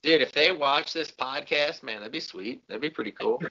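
A man's voice: fairly high pitch, normal speed, pushed and bright, muffled recording. A man on a podcast, venting in a casual, profane, exasperated way. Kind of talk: casual chat.

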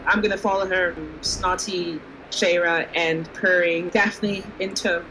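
A woman's voice: lowish voice, fairly even intonation, a little slow, fairly bright tone, a little hiss or hum, low-quality recording. A woman playing a tabletop game, often stammering and flustered as she describes her actions. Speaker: player. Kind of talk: tabletop role-play.

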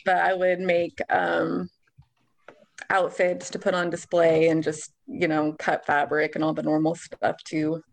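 A woman's voice: deep voice, monotone, unhurried, gravelly. Chatty woman telling a rambling story. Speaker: guest recalling her past. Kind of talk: casual group chat.

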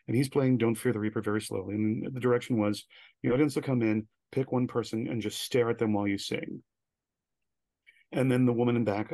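A man's voice: fairly low pitch, darkish tone, dry recording. A man, a guest on an interview podcast, telling stories animatedly and acting out the quoted lines. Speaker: guest, director.

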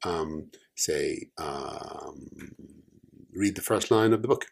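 A man co-hosting a casual chat podcast, teasing dryly in a deadpan way. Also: a bass voice, takes it slowly, creaky, slight background noise. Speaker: podcast co-host.

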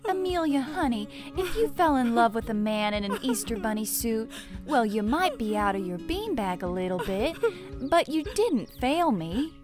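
Woman doing a high, swooping folksy mama, doting and theatrical. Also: sing-song, normal speed, music in the background. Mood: comforting. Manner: folksy, drawling, theatrical sayings. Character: doting folksy older Southern-style mother.

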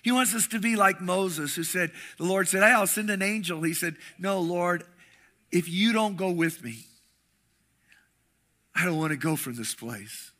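A middle-aged male pastor preaching a sermon, telling stories with animated, shouted bursts. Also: sits high, unhurried. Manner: animated storytelling, acts out voices with rising shouts.

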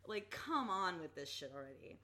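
A woman's voice: on the low side, very animated, moderate pace, bright, forceful tone. A young woman co-hosting a casual TV recap podcast, talking animatedly with lots of laughter, frequent "like" and casual swearing. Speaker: podcast co-host.

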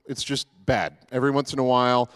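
A man's voice: mid-range voice, fairly even intonation, fast talker, smooth, no room sound, clean studio sound. A man giving a casual, joking sermon as pastor, with many fillers and restarts.

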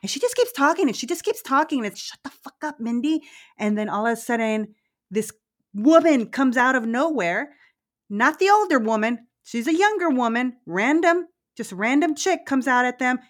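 A woman co-hosting a podcast, recapping a movie in a casual, animated way, swearing freely and laughing easily. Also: a little high, moderate pace. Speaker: podcast co-host.

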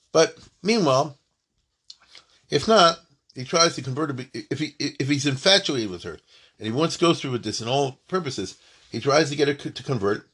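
A man teaching Jewish law in a lively lesson, reading from a text and explaining it with jokes and rhetorical questions. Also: normal speed. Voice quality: husky. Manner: joking, rhetorical questions, big swings in pitch and loudness.

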